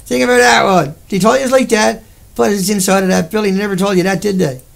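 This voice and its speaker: Gravelly high-voiced Newfoundland man ranting. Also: steady tone, fairly quick. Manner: heated, profane, rambling. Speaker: livestream host. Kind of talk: angry livestream rant.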